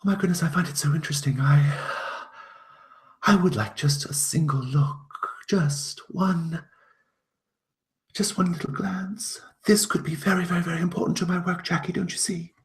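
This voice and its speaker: A man voicing an eager, fussy woman scholar who pleads quickly in a high, breathy voice. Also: fairly even intonation.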